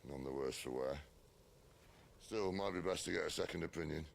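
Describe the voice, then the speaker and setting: Game cutscene: a deep, gravelly seasoned rogue, dry and teasing, with a faint noise bed. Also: male voice, brisk, exaggerated voice. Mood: wry. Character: gruff, wry rugged man, a seasoned rogue. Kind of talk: video game cutscene dialogue.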